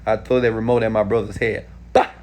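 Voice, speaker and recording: A man in his thirties from Houston, Texas, answering viewer questions in a casual live stream, animated and talking straight to viewers. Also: lowish voice, fast talker, slight background noise. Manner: animated, talks straight to viewers with frequent "okay?".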